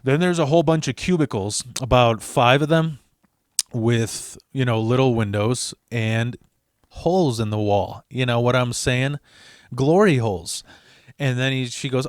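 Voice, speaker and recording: In a studio-quality recording with no echo, a young man speaks at a measured pace in a medium pitch. He's relating a personal story in a casual, animated way, cursing liberally and performing the voices of the people he quotes.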